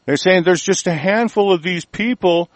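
A man's voice: high-pitched, moderate pace, no echo. A man ranting on air, angry and profane, rambling with many restarts. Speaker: host reading and ranting on air.

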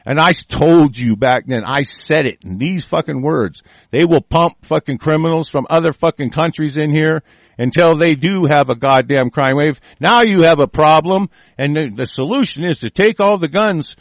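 A man with a gravelly, rough-edged voice pitched a little above the usual, ranting angrily as a broadcast host. He swears constantly and circles back over his own words. The sound is dry and close, with no room around it. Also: moderate pace, no room sound. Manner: profane, heated, repeating himself. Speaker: host of an online political broadcast. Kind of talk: angry political rant.

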